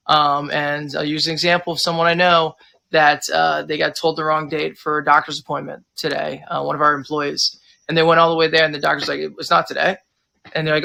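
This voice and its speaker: A man's voice: a little high, fast talker, gravelly. An American man who runs a pub, chatting casually in an interview and rambling through stories while acting out customers' lines. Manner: rambling, animated, acts out customers. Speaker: pub owner and manager.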